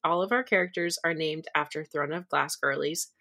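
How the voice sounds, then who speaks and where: A woman co-hosting a podcast, a teacher chatting casually, telling stories with bursts of excitement and laughter. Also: low-pitched, moderate pace, gravelly. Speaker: podcast co-host. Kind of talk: casual chat.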